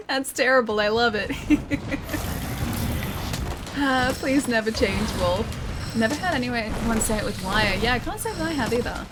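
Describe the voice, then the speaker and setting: A woman's voice: fairly high pitch, expressive, slow, long pauses, very noisy. A woman with an Australian accent streaming a game, chatting and laughing as she reads chat and calls out her moves. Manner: chatty and playful, laughs often. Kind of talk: live gameplay commentary, reading chat aloud. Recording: loud game music behind the voice. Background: loud game music.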